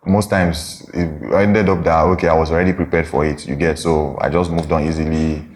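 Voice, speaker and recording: Deep-voiced Nigerian man, slow and searching. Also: level tone. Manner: slow, searching, often asks "you get?". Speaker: podcast co-host. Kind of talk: casual couple chat.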